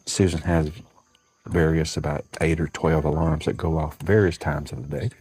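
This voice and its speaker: A man's voice: rumbling low, fairly even intonation, normal speed, darkish tone, slightly rough, dry recording, low-quality recording. A man with a Southern US accent hosting a casual livestream from a porch at dawn, chatting and greeting viewers by name. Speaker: livestream host.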